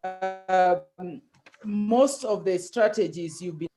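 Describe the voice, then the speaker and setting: Debate judge, middle pitch, halting delivery with fillers, on a video call. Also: dark tone, soft background music. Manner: halting, with many pauses and fillers.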